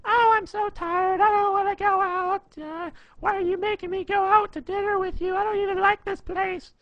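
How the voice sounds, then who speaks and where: A man squeaking out a shrill, whiny young woman. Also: fairly even intonation, no room sound, highs cut off. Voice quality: high-pitched, shrill. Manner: whining, deliberately bad impression.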